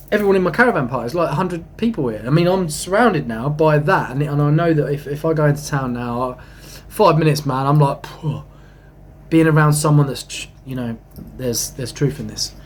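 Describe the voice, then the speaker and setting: A young man, rambling excitedly about spiritual matters, swinging from hushed asides to emphatic bursts and swearing casually. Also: a little high, slight background noise. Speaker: spiritual channel host.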